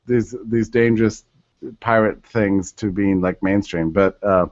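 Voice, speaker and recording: A man's voice: fairly low pitch, a little slow, no room sound. Storytelling man, dry dull audio. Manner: animated, acts out quoted voices. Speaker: podcast guest. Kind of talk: storytelling in a podcast interview.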